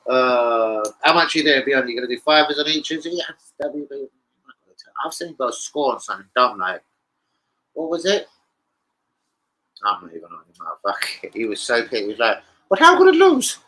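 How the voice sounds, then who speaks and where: Man, bright tense voice, casual vlog chat, sweary, rambling, excitable. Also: medium pitch, moderate pace, long pauses, rough recording. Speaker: football betting vlogger.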